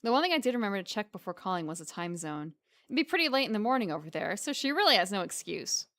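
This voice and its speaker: Animated woman streamer reading aloud. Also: medium pitch, quick pace. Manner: animated, laughs and comments between lines. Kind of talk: reading a visual novel aloud.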